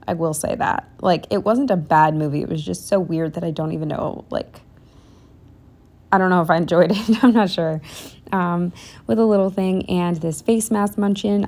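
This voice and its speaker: A young woman talks casually over her planner pages, drifting off on tangents with plenty of ums and likes. Her voice sits on the low side for a woman and keeps sliding into a gravelly fry. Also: a little mellow. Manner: chatty, rambling with many ums and likes. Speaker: planner vlogger.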